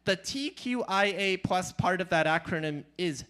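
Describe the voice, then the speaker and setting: An animated man on a small club stage telling comic stories, playful and loud. His voice is high and bright and swings widely. He throws in lively asides. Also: moderate pace, a little hiss or hum. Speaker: storyteller, comedian. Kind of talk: live stand-up storytelling.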